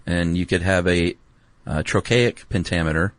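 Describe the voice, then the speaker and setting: A man's voice: deep voice, normal speed, dry recording. A man co-hosting a podcast, talking in a laid-back, meandering way with lots of ums and asides. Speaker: podcast co-host. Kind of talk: casual explanatory chat.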